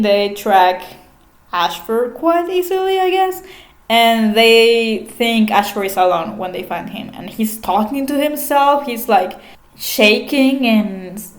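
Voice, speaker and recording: Slow-talking chatty woman, echoey room. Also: on the high side. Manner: chatty, swears, laughs often. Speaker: vlogger. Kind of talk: casual book recap.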